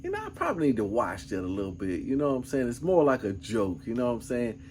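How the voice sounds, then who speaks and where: A man's voice: mid-range voice, huge pitch swings, fast, darkish tone, a little hiss or hum. A middle-aged man vlogging, telling a rambling, laid-back story full of asides. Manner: laid-back, rambling, peppered with "man" and "you know what I'm saying". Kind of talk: casual storytelling.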